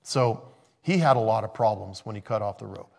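A man's voice: on the low side, animated, a little fast, gravelly, husky. A man preaching a sermon in a conversational way, thinking aloud and interrupting himself. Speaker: pastor.

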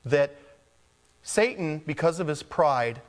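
A man preaching a verse-by-verse sermon in a conversational way. He drops to hushed, near-whispered appeals, then rises into emphatic exhortation. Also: on the high side, expressive, takes it slowly. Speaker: pastor. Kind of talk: expository sermon.

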